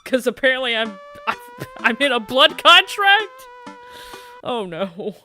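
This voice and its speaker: A man's voice: very high voice, big pitch swings, measured pace, bright, forceful tone, faint music behind. Playful man reading a game aloud. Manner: playful, laughs at his own slips. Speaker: streamer playing a game.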